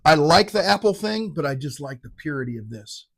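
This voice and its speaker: This middle-aged man's voice sits fairly high, with a sing-song lilt and some creak, and he moves at a brisk clip. His whiskey tasting review is casual and meandering, irreverent and full of self-mockery.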